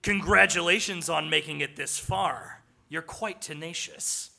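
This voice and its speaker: A man's voice: on the high side, measured pace, gravelly, bright, forceful tone, heavily acted. A man hamming up a wannabe villain overlord. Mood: menacing. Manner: trying hard to sound villainous. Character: hammy male villain overlord, gluttonous. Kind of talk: live improv comedy.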